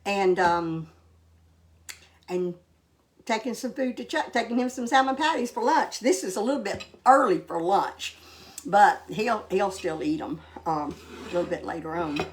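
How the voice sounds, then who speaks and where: A woman's voice: mid-range voice, lively intonation, measured pace. An older woman hosting a casual cooking vlog, talking in a homey, rambling way with many fillers. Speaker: cooking show host.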